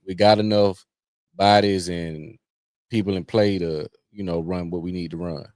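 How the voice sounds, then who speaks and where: A man co-hosting a casual podcast, low-key and slangy. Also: steady tone, moderate pace, a little mellow, dry recording. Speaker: podcast co-host.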